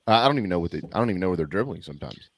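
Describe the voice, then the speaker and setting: A man's voice: deep voice, racing, no room sound, studio quality. A man co-hosting a sports podcast, talking casually and emphatically with many repeated restarts. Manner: emphatic, repetitive restarts, lively.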